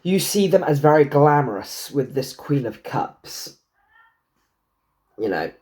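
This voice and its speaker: A man giving a casual tarot reading to camera, swearing freely and joking with himself. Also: takes it slowly. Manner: chatty, swears freely, jokes to himself, talks back to the universe; lively pitch, swoops high into silly put-on voices. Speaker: tarot and numerology reader.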